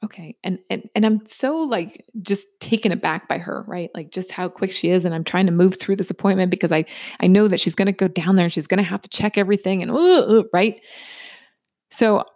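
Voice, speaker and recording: A woman's voice: medium pitch, a little fast, a little mellow, dry recording, clean studio sound. A middle-aged woman telling a personal story in a chatty monologue to listeners, often checking in with "right?".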